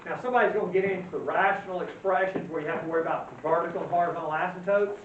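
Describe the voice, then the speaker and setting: High-voiced man lecturing in an echoey classroom. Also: racing. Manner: folksy, quizzes the class and answers himself. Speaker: math teacher. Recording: roomy, distant, dull lo-fi sound with faint hiss.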